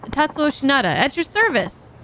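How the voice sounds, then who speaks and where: A woman's voice: high voice, sing-song, normal speed, a bit bright, a little hiss or hum. A woman voicing an easygoing, curious man acting as a tour guide, with dry, wry remarks, reading game dialogue aloud.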